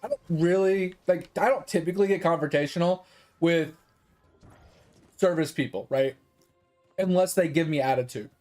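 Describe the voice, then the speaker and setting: A man's voice: fairly high pitch, moderate pace, pauses often, a little mellow, faint music behind. A man streaming games, ranting in casual chat, exasperated and swearing freely. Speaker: gaming streamer.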